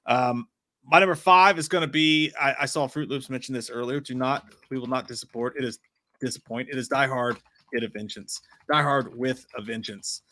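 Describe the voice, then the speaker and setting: A man's voice: medium pitch, steady tone, moderate pace, sharp tone, no room sound. A man co-hosting a movie podcast, raving enthusiastically in profane casual chat. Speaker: podcast co-host.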